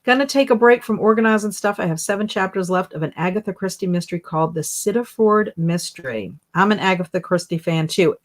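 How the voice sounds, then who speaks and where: A woman hosting a casual live stream, chatty and animated as she reads viewer comments aloud and reacts to them. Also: mid-range voice, a little fast, few pauses. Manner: animated and emotional. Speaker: livestream host.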